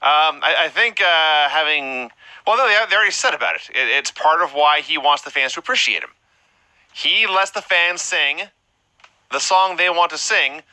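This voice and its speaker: A man's voice: fairly high pitch, animated, normal speed, sharp tone, clean tone, no echo, low-quality recording. A man co-hosting a casual podcast, joking and tossing in wisecracks. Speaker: podcast co-host. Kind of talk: casual chat.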